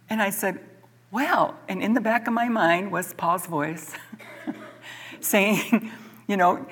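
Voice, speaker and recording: A woman's voice: mid-range voice, takes it slowly, long pauses, a bit bright, breathy edge. A middle-aged woman teaching a church Bible study, telling a personal story earnestly and with animation, often repeating words as she goes.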